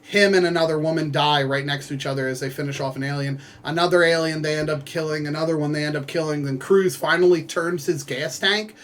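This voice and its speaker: A young man with a slightly high voice talks through the end of a book he enjoyed. He rambles with plenty of fillers, jumping into voices for the characters and making gun sounds along the way. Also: steady tone, fairly bright tone. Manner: rambling, lots of fillers and quick asides. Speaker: book reviewer. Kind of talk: casual book summary.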